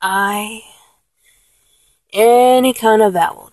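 Slow, breathy-voiced woman coaching. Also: mid-range voice, a little mellow, dry recording, poor audio. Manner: patient, step-by-step coaching. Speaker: vocal instructor. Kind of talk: instructional talk.

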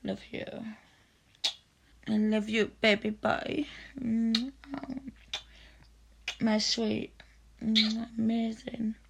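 A woman speaking slowly in an intimate audio role-play, her voice carrying a gravelly fry. She coaxes and teases in a doting tone. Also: mid-range voice, slight background noise. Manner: coaxing, teasing, doting.

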